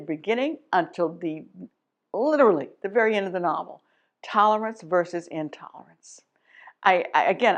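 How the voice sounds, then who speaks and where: A middle-aged woman from Texas, an educator explaining literature themes to teachers, thoughtful and emphatic with frequent restarts and asides. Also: on the low side. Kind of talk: teaching talk to camera.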